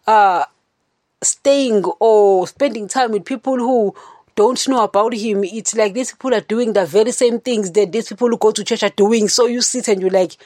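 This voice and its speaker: A woman's voice: on the high side, darkish tone, no echo, studio quality. A woman hosting a podcast, giving an earnest, rambling monologue about faith and often turning to her listeners. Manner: earnest, rambling, keeps saying "you know, guys". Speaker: podcast host.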